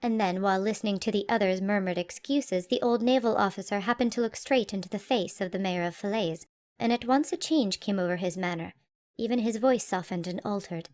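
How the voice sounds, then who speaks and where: A woman narrating an audiobook in a calm, even, measured way. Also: mid-range voice.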